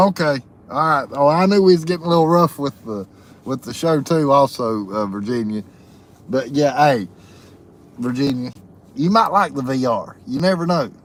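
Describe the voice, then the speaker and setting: Here a man's mid-range voice comes through with slight background noise as he hosts a live stream. He reads chat comments aloud in a folksy way and laughs a lot, keeping things casual.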